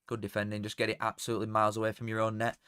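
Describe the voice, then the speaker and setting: A man's voice: lowish voice, monotone, rapid-fire, clear, resonant tone, no room sound, clean studio sound. A young man, casually commentating on a live match and bantering with chat. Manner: banter with chat, swings from mutters to shouts. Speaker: watchalong streamer.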